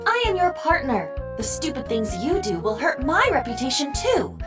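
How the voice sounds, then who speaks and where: A woman's voice: sits high, sing-song, normal speed. An actress voicing a bossy female AI partner in a video game, curt and scolding. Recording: game audio under music.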